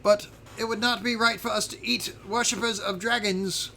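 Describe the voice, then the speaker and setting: A man voicing a tiny, excitable dragon-like creature that squeaks and cheers with delight at a tabletop game. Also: moderate pace, creaky, a little hiss or hum, exaggerated voice. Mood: prim. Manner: squeaky, cheering, bouncing with glee.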